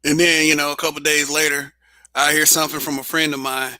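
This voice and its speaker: Blunt, profane man with a bright voice. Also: on the high side, little pitch movement, fairly quick, no room sound. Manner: blunt, profane, laughs often. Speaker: show host. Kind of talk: casual livestream monologue.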